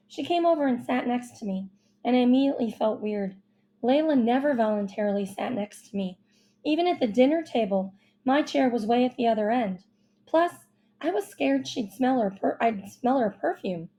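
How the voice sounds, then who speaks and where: Brief: female audiobook narrator, warm and mellow, slightly high, young-sounding first-person read. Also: moderate pace. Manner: expressive, childlike first-person storytelling.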